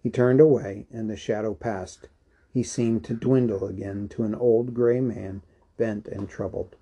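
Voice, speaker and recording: Guy reading a book aloud, calm steady pace, deep mellow dark tone. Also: measured pace, husky, lo-fi sound. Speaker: audiobook reader.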